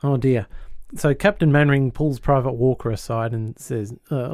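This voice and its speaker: A man hosting a podcast, retelling a sitcom episode in an animated way and chuckling often. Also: mid-range voice, fairly quick, few pauses, no echo, clean studio sound. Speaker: podcast host.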